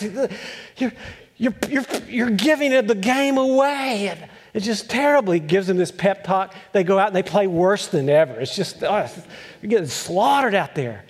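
A male pastor preaching a sermon, telling a story with acted-out voices and chuckles, then asking animated questions. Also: high-pitched.

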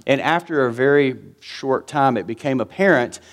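A man's voice: mid-range voice, normal speed. A man, preaching a sermon in an earnest, conversational way with emphatic repetition. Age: 50s. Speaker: pastor.

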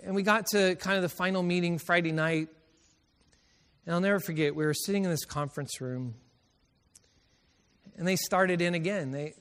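A man preaching in a college chapel, with his voice sitting a little high for a man. The long chapel reverb trails behind every phrase. He is middle-aged and tells his stories with feeling and frequent laughter. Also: normal speed, pauses often, fairly bright tone. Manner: storytelling, emotional, laughs often. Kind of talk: sermon.

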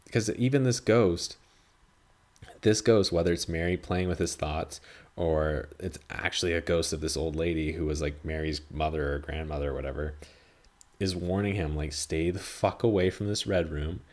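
A man's voice: a bass voice, moderate pace. A man hosting a podcast, chatting casually and rambling, swearing freely and acting out dialogue as he talks. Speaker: podcast host reviewing a film. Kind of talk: casual chat.

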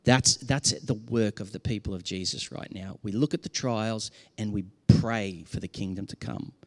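A man's voice: on the low side, moderate pace, a little mellow, in a large hall. A man preaching a sermon as pastor, earnest and impassioned, often restarting his sentences.

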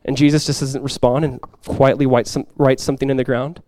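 A male pastor preaching a sermon to his congregation, swinging from loud, impassioned lines to quiet, soft ones. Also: mid-range voice, flat delivery, a little fast, few pauses, no echo. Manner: impassioned preaching, swells loud for quoted cries then drops soft. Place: church sanctuary before a congregation.

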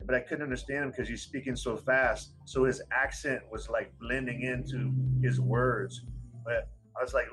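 A man's voice: medium pitch, fairly even intonation, normal speed, fairly bright tone, soft background music, poor audio. A man from the United States, an English teacher talking casually and rambling with many fillers. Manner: rambling, frequent "you know" fillers. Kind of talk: casual conversation.

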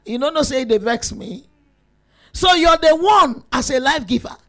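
A woman preaching a sermon to women, emphatic and lively, rising to shouts at her peaks. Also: high voice, moderate pace.

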